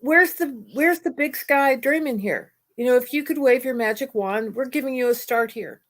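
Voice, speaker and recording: Animated, blunt woman telling a story. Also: high voice, moderate pace. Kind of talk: casual conversation.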